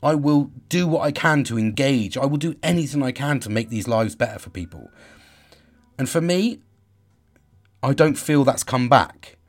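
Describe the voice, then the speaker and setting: A middle-aged man talking in a raw personal video diary, emotional and halting, swearing and repeating himself as he speaks to his audience. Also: medium pitch, animated.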